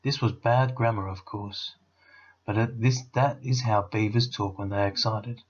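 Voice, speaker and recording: A man, a teacher, reading a children's novel aloud with expressive storytelling. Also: lowish voice, measured pace, muffled recording.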